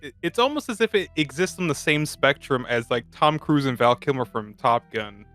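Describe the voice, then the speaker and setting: A man with a medium-pitched, slightly bright voice co-hosts a podcast, chatting casually about a film over beer. He's animated, quick and joking, and he swears freely. Faint music plays behind him.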